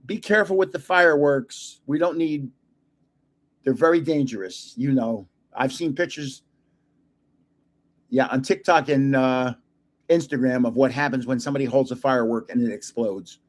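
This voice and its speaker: An older man, a grandfather hosting his own channel, chatting casually and telling rambling stories with plenty of pauses. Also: medium pitch. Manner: rambling storyteller with fillers. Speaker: host of a card channel. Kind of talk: casual livestream chat.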